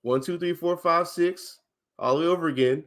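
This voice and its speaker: A man teaching on a casual livestream. He talks with emphasis, asks questions, and counts things out loud. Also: fairly high pitch, moderate pace.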